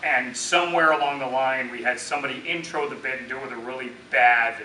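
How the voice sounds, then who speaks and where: A man's voice: mid-range voice, fast talker, bright, forceful tone. A man hosting a casual radio interview, joking and teasing his guest. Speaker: radio host. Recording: roomy distant mic with faint noise.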